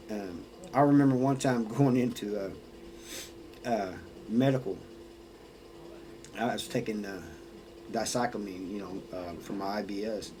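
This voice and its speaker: A man's voice: mid-range voice, a little mellow, slight background noise, low-quality recording. A man who served time in prison talks casually about life inside, plainspoken, often restarting his sentences and adding "you know.". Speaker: former prisoner sharing experiences. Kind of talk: casual storytelling monologue.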